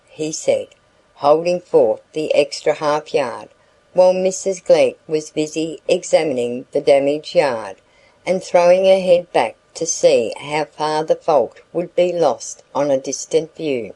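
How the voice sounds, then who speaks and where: A woman narrating a classic novel in a measured, even storytelling voice. Her tone is low and mellow, and she reads at an unhurried pace. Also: poor audio. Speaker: audiobook narrator. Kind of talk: scripted narration.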